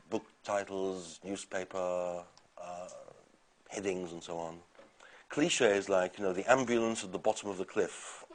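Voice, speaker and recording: Male lecturer, lowish voice, loose conversational delivery with ums and restarts. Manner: conversational, hesitant with fillers and restarts. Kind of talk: university lecture.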